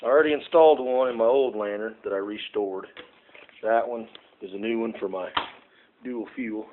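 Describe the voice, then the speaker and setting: A man's voice: on the low side, normal speed. A man talks casually and folksily while fixing a lantern, calling his viewers "folks" and rambling with plenty of "uh"s, recorded on a phone indoors at home. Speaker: home repair vlogger. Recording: tinny phone recording with faint noise.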